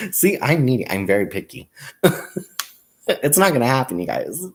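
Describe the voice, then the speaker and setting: Lively, chatty man, laughing often. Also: medium pitch, moderate pace, long pauses. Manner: chatty, animated, self-mocking, laughs often. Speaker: crafting channel host. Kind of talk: casual livestream chat.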